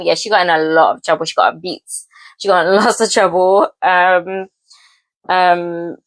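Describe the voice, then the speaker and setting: A woman's voice: on the low side, steady tone, measured pace, no echo. A young woman vlogger chatting casually as she cooks, giggly and full of fillers. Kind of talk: casual storytelling while cooking. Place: home kitchen.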